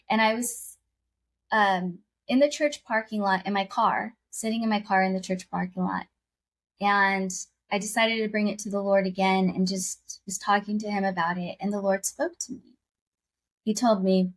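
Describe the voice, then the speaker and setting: A woman's voice: mid-range voice, steady tone, moderate pace. A woman guest on a podcast, telling a heartfelt personal faith story in an earnest, casual way, often using fillers such as "you know" and "like.".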